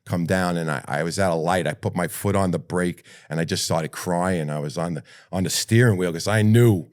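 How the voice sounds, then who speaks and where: An older man with a New York accent telling a rough, profane story as a retired firefighter in an interview. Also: sits low, normal speed. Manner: blunt, profane, lively retelling.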